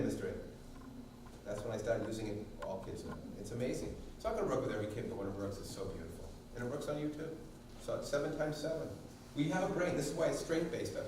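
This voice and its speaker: A man from Massachusetts presenting a parenting workshop, telling lively stories and acting out quotes for a room of parents. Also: a little high, a little hiss or hum. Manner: animated storyteller who acts out quotes and sings snippets. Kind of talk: storytelling talk to a parent audience. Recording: echoey hall recorded from far off.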